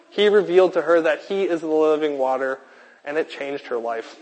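A man's voice: fairly high pitch, brisk. A man preaching a sermon with a repetitive, emphatic cadence. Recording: long hall reverb.

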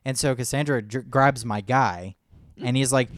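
A man's voice: mid-range voice, moderate pace, no echo, clean studio sound. A man co-hosting a podcast, rambling through a story with many restarts and acted-out quotes. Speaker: podcast co-host. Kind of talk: casual chat.

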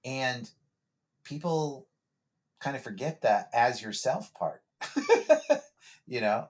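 A male therapist chats on a podcast at a middle pitch. He is reflective and loose, circling back with repeated words and restarts as he works through his ideas. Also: big pitch swings, unhurried. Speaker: therapist guest. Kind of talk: casual podcast conversation.

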